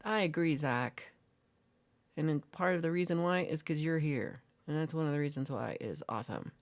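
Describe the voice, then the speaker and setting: A woman's voice: sits low, animated, moderate pace. A woman hosting a casual livestream, playfully reading and answering chat comments and teasing her viewers. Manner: jokey and teasing. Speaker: livestream host.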